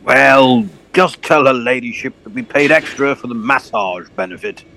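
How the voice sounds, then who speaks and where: A man's voice: medium pitch, moderate pace, gravelly, a little hiss or hum. A man doing a pompous old colonel. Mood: blustering. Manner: blustering, posh, excitable.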